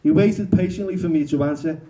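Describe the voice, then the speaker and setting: A male author reading his memoir aloud at a bookshop event, halting and correcting himself as he goes. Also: sits high, warm tone. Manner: halting, restarts and self-corrections.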